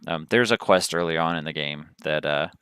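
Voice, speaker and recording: Man from the southern us, game streamer, chatty, rambling, bright, crisp voice. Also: very deep voice, fairly quick, no echo. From southern United States. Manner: chatty, rambling, thinks aloud while playing. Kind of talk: gaming livestream commentary.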